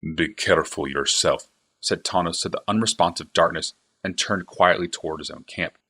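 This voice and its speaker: A man reading a fantasy novel aloud in steady, even narration. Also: low-pitched, a little fast, breathy edge. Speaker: reader, streamer.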